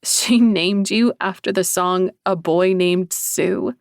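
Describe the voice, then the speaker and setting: A man's voice: sits high, takes it slowly, vocal fry, clean tone, no room sound, clean studio sound, pitched above the performer's own voice, full character voice. A man voicing a guarded southern young woman.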